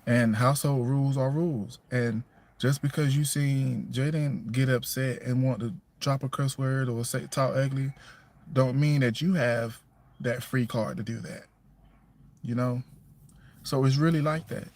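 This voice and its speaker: A man's voice: medium pitch, steady tone, unhurried, a little mellow. A single father chatting casually on a livestream. He is firm and plainspoken, repeats himself, and keeps checking in with "you know what I'm saying". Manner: firm and plainspoken about household rules.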